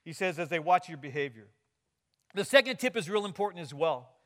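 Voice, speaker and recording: A man's voice: a little high, lively intonation, brisk, a bit bright. A middle-aged man preaching a sermon, telling stories with quoted dialogue and light humor. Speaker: pastor.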